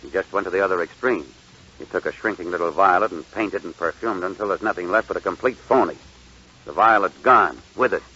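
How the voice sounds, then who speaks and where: An actor playing a cocky, sarcastic former suitor in 1940s radio-acting style, heard on a dull lo-fi old radio broadcast. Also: male voice, low voice, a little fast, pushed and bright, slightly rough, heavily acted. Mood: sulky. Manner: mocking, flustered when rebuffed.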